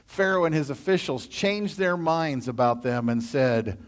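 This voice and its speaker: A man's voice: a little high, a little slow, hardly any pauses. Midwestern man teaching a Bible study. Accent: Midwestern American. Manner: reads scripture, then acts out voices with animated asides. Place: church.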